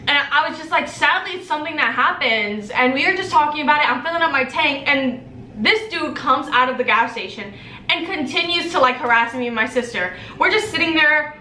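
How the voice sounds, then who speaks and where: A young woman telling a profane story in a casual vlog, acting out the dialogue with animated quoted voices. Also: sits high, brisk, distant mic, a little hiss or hum. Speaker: vlogger. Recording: roomy echo, a bit off-mic, faint ambience.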